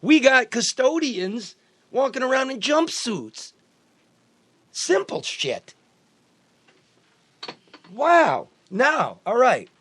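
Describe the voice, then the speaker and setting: A man's voice: very high-pitched, sing-song, extremely slow, long pauses, fairly bright tone, slight background noise. Blunt, profane talk show host man. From American Midwest. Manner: blunt, profane, repeats himself. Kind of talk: casual talk show banter.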